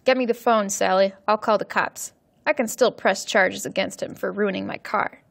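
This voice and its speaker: A woman putting on a loud, gruff bully of a stepfather, barking orders and threats in a storybook reading. He snarls and yells, raising his voice well above the narration. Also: mid-range voice, steady tone, normal speed. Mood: shouting angry.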